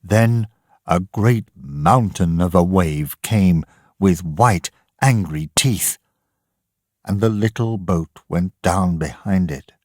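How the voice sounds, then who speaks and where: A man reading a graded storybook aloud in a measured, deliberate way. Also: deep voice, darkish tone, no echo, clean studio sound. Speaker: narrator. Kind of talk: slow, expressive storybook narration.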